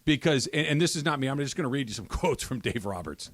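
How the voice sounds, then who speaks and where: A man's voice: mid-range voice, animated, quick pace, no room sound. A man co-hosting a sports radio show in casual talk, with an American accent, teasing his partners and laughing easily. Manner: teasing, laughs easily, reads listener messages aloud.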